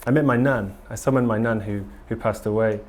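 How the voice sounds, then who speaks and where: A man's voice: lowish voice, steady tone, fairly quick. A man speaking at a conference, candid and enthusiastic, with frequent ums and restarts. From England. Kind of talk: live conference talk and Q&A. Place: conference hall.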